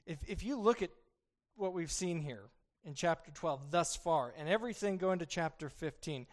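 A pastor preaching an expository sermon, earnest, rising to emphatic peaks and dropping to soft, quiet pleas. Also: male voice, fairly high pitch, normal speed.

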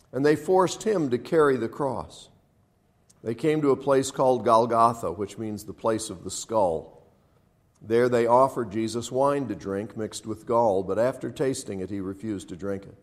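A man reads scripture aloud at a measured pace in a mid-range voice. His delivery is dramatic, and he lifts his voice for the quoted lines. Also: mid-range voice. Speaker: scripture reader. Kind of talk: scripture reading.

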